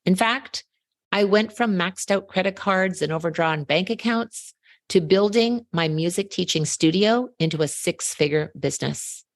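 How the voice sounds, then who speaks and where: A woman's voice: lowish voice, normal speed, no echo. A woman hosting a podcast in a scripted monologue, telling a story with emphasis and rhetorical questions into a close mic. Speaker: podcast host.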